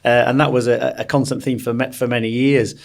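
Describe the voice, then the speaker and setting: A man's voice: medium pitch, level tone, fast, gravelly. A man, telling rambling stories as a podcast guest with many restarts. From Sheffield, England. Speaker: boxing coach, guest. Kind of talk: casual storytelling interview.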